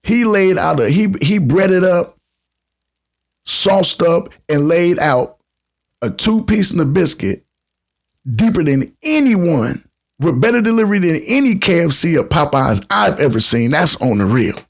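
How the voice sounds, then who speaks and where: A man's voice: on the high side, animated, a little slow. A man in his fifties hosting a casual call-in podcast, telling stories in heavy slang and acting out the people he quotes. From United States. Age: 50s. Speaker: podcast host.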